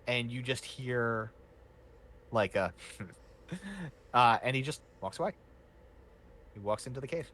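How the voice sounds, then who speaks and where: A man narrating a tabletop game as game master, unhurried and hesitant, with many fillers and restarts. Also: mid-range voice, animated, a bit bright.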